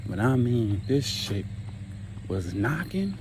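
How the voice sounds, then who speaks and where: Animated, profane young man telling a story. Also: lowish voice, normal speed, noisy background. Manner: animated, profane, acts out his own reactions. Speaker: storyteller vlogger. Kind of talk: casual storytime monologue.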